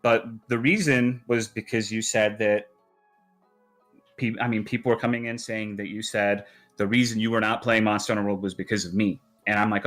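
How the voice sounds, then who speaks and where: A man speaking as a podcast guest, calmly and deliberately explaining his grievances in a casual conversation. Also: lowish voice, soft background music. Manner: earnest, deliberate, airing grievances.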